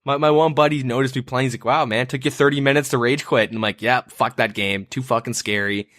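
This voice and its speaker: A man's voice: mid-range voice, fairly even intonation, quick pace, fairly bright tone, no echo. A man co-hosting a podcast, telling a story in casual banter, profane and rambling with lots of fillers. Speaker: podcast co-host.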